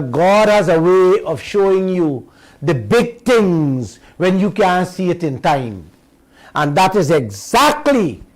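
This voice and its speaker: Slow, emphatic high-voiced man. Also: rough recording. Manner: emphatic, drawn-out words, addresses listeners as uncle and auntie. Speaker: radio show host. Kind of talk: political commentary monologue.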